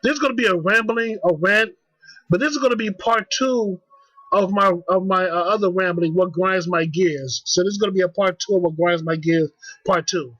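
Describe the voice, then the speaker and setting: A man's voice: sits high, moderate pace, fairly bright tone, no room sound, dull audio. A young man ranting angrily to the camera, heated and profane, repeating himself. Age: young adult. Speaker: vlogger. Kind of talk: angry rant.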